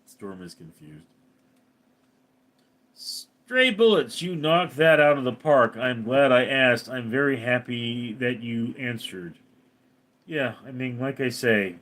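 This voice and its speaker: A man's voice: medium pitch, a little slow. A man hosting a casual livestream, reading out commenters' names and chatting back to them. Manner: reads commenter names then answers, animated.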